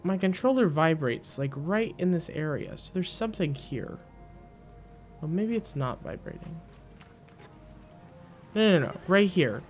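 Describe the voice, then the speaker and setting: A man commentating casually as he plays a video game, excitable and quick to mock his own frustration. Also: a little high, soft background music.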